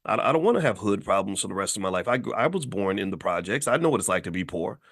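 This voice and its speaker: A man's voice: deep voice, animated, fast talker, fairly bright tone. A man from Kentucky hosting a podcast, talking emphatically with frequent restarts and repeated words. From Kentucky, USA. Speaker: podcast host. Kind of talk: passionate social commentary.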